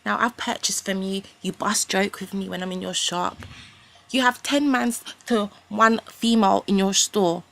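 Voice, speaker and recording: A woman's voice: medium pitch, normal speed, vocal fry, a bit bright. A young woman, ranting in a rambling, indignant way with casual slang as a vlogger. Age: young adult. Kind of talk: ranting to camera.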